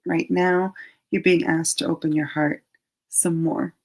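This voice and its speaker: A middle-aged woman leads a live-streamed card reading at an unhurried pace. Her voice is gravelly and slightly husky, and she talks in a chatty, gently reassuring way. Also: deep voice, level tone, poor audio. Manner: chatty and gently reassuring, drops into soft asides. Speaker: angel card reader hosting a live stream.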